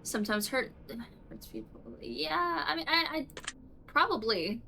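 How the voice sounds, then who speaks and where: Southern gal streaming, kinda high bright voice, rambly and stop-start, answering quiz questions casually. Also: female voice, expressive, creaky, a little hiss or hum, rough recording. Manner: halting, rambling, many restarts and trailing asides.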